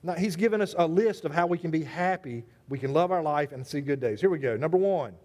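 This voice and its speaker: High-voiced, animated preacher man. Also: fast talker. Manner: animated, conversational, calls out congregation members by name. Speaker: pastor. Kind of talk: sermon.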